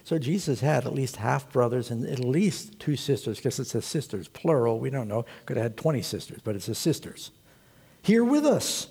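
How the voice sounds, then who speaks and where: Animated, gravelly preacher man. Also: medium pitch, moderate pace. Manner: animated storytelling preacher, voices the crowd. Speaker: pastor. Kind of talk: sermon.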